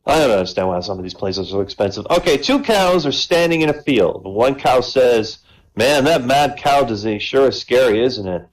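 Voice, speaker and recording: This comedian's medium-pitched voice has lively intonation and a moderate pace, over a rough recording. Performing for an online show, he keeps things conversational, ends lines with "right?", and gets louder when acting out characters.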